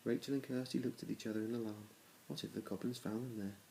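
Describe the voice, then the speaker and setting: Dad reading a kids story aloud, flat low voice, bit of fry, faint hiss behind. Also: male voice, fast, low-quality recording. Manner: plain reading with small restarts, little change between characters. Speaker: parent reading aloud to his children.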